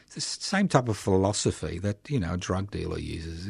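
A man's voice: sits low, animated, moderate pace, creaky, breathy edge, no echo, studio quality. An older man hosting a radio show, giving passionate, indignant political commentary with mocking asides. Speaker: radio host.

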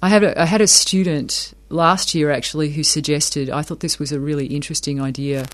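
A thoughtful man with a fairly high voice talks through academic ideas in an interview. He circles back and repeats words as he works each point out. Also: steady tone, a little fast, fairly bright tone. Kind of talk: explanatory interview talk.

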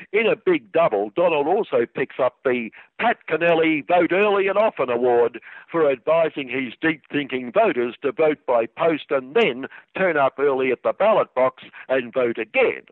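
A man reads scripted satirical commentary in a dry, mocking tone, at a middling pitch. The sound is tinny and narrow, like a phone line, and very dry with no room echo. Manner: dry sarcastic delivery.

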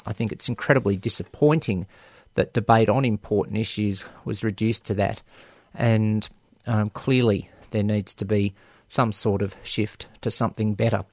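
A man's voice: fairly low pitch, dry recording, studio quality. A man hosting a radio show, giving frank, emphatic opinion commentary full of ums and restarts. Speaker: radio host.

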